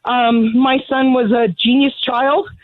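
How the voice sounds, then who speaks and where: A woman's voice: a little high, level tone, takes it slowly, dry recording. A middle-aged woman calling in as a grieving mother, talking in an angry, blunt, ranting way. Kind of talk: phone interview. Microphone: telephone. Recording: tinny phone line, dry.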